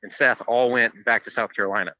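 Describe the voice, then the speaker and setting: A man's voice: mid-range voice, steady tone, quick pace, sharp tone, no room sound, dull audio. A man who plays in a band, a podcast guest telling stories in a dry, sarcastic way. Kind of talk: casual interview chat.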